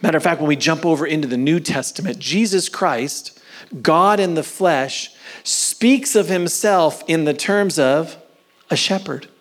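A man preaching a sermon, moving between loud emphatic lines and soft whispered phrases, and drawing out key words slowly. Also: a little high. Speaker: pastor.

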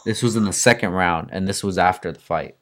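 A man's voice: sits low, fairly quick, a bit bright. Laid-back man hosting a casual chat. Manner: laid-back, swears freely, calls people dude and bro. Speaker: podcast host.

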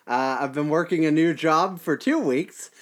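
A man's voice: fairly high pitch, normal speed. Guy on a podcast, dry self-deprecating storytelling, chatty. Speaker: podcast co-host. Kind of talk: casual podcast chat.

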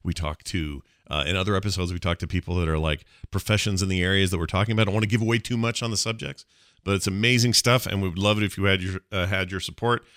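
Male stream host, casual chat, very deep yet bright, dry sound. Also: quick pace, no room sound. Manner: relaxed and chatty, laughs easily. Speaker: show host.

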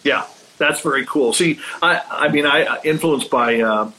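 A man hosting a casual interview, talking about drumming in an enthusiastic, chatty way and asking animated questions. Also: on the high side, a little slow, a little hiss or hum, low-quality recording. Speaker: podcast host and drum teacher.

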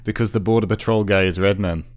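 A man's voice: fairly low pitch, fairly even intonation, fast talker, a little mellow. A man co-hosting a podcast in casual chat, firing off teasing questions and quips. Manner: quippy, asks teasing questions. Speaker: podcast co-host.

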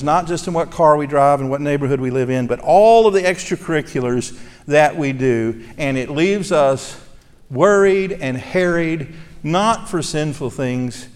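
A man preaching a sermon as pastor, earnest and conversational, asking his congregation rhetorical questions. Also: mid-range voice. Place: church sanctuary. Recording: long reverb of a large church hall.

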